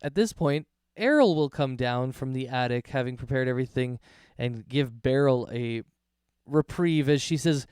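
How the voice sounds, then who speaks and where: A man's voice: medium pitch, normal speed, darkish tone, clear, resonant tone, dry recording, clean studio sound. A man running a tabletop game as game master, explaining rules and narrating in an easygoing way.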